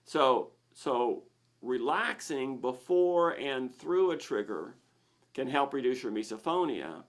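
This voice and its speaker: A man's voice: medium pitch, lively intonation, takes it slowly. A man hosting a live Q&A, explaining in a plain way with frequent restarts and repeated words. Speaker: host of a misophonia Q&A.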